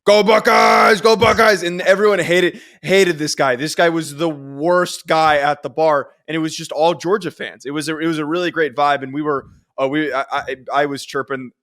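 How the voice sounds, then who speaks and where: A man's voice: a little high, steady tone, moderate pace, hardly any pauses, a bit bright. A young man co-hosting a sports podcast, telling stories in a rambling, self-deprecating way with many restarts. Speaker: podcast co-host. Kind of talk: casual chat.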